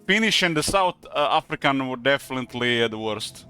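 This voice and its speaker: This man from Croatia rambles casually on a live stream as he games, speaking accented English as a second language with lots of hesitant fillers. His mid-range voice is expressive and sharp, fairly quick. Faint music can be heard behind him.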